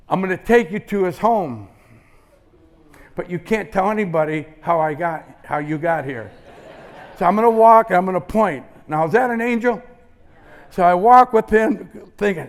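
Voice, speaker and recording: A gravelly older man with a high-set voice gives a motivational keynote on a conference stage. He tells his story in short, punchy bursts, drops to hushed asides, then jumps to loud outbursts to fire up the room. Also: moderate pace. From Indiana. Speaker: motivational speaker. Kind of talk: keynote speech. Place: conference stage before a live audience.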